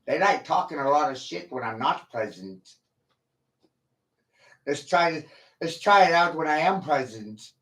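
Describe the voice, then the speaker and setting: A man on a livestream rant who drags out every line at a slow, heavy crawl. He swears freely and sounds combative and full of himself, leaving long pauses between jabs. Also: fairly high pitch, expressive, a bit bright. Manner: profane, combative, boastful.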